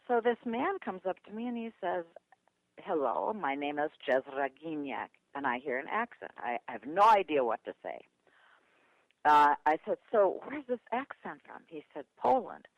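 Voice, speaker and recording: An older woman from Milwaukee, a guest speaker and author, tells stories in an animated interview, her pitch and voice shifting dramatically as she relives each tale. She talks at a moderate pace, and the audio is narrow and tinny with no echo.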